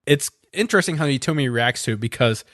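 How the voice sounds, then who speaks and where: A man co-hosts a podcast, recapping an episode in a rambling, filler-heavy way with frequent swearing. His voice sits at a middle pitch and sounds dry and close, with no room sound. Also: lively intonation, fast, fairly bright tone, no echo. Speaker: podcast co-host.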